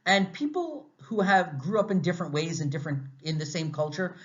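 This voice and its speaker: An American man lecturing a class in a conversational, animated way, asking lots of rhetorical questions. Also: a little high, fairly quick. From United States. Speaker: university lecturer. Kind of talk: recorded lecture. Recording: slightly dull, muffled audio.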